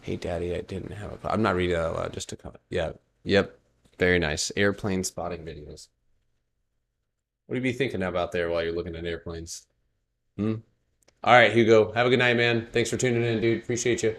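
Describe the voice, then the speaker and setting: A man's voice: sits low, fairly even intonation, fairly quick, a bit bright. A man hosting a casual stock trading livestream, reading charts and joking with his chat. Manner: laid-back, joking with chat, laughs often.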